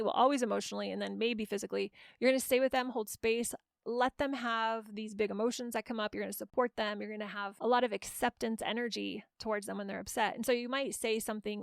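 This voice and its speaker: A woman's voice: fairly high pitch, vocal fry, no room sound, clean studio sound. A middle-aged woman hosting a parenting podcast, explaining her method in an encouraging coaching tone with frequent restarts. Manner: warm coaching tone with many restarts. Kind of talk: solo podcast teaching.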